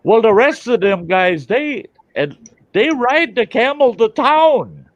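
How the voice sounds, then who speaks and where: A man's voice: extremely high pitch, expressive, slow, no room sound, voice pushed up, exaggerated voice. A man voicing an exasperated male camel dealer in a folksy joke, in a dull lo-fi recording. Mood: incredulous.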